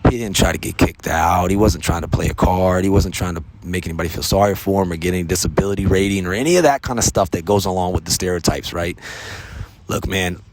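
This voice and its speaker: A man's voice: sits low, quick pace, a little hiss or hum. An American man hosting a podcast, speaking in an earnest, casual monologue, often tagging his sentences with "man" and "right?". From United States. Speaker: podcast host.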